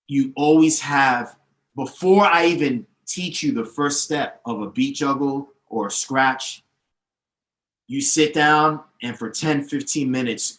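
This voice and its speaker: A medium-pitched, slightly bright male voice belongs to a DJ teacher appearing as a podcast guest. He explains at length in a confident, emphatic way, listing names and history, and the recording sounds roomy and echoey.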